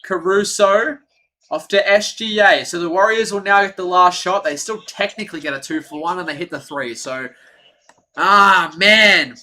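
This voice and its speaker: Excitable partisan fan commentator, man. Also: high-pitched, normal speed. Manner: partisan, excitable, rants at referees. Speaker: fan play-by-play streamer.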